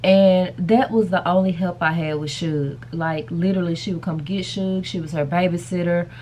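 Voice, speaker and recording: A woman's voice: lowish voice, steady tone, moderate pace, darkish tone, slight background noise. A woman chatting casually to camera in a rambling vlog, calling her viewers y'all and baby. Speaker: vlogger.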